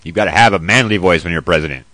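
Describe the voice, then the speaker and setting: A man's voice: low-pitched, rapid-fire, pushed and bright, dry recording. A man hosting a casual commentary show who reads news aloud and then rants about it, profane and blunt. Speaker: host.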